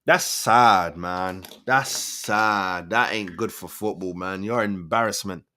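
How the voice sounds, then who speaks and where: A man's voice: low voice, a little slow, pushed and bright, slight background noise. Mocking man reacting live. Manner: mocking, incredulous, talks over the clip. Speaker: channel host reacting to a radio clip.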